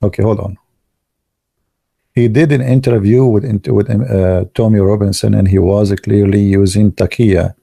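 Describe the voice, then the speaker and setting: Gravelly-voiced man. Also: fairly low pitch, fairly even intonation, warm tone, no room sound, studio quality. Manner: halting, many fillers and restarts, sarcastic asides. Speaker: online commentator. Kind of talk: casual live commentary.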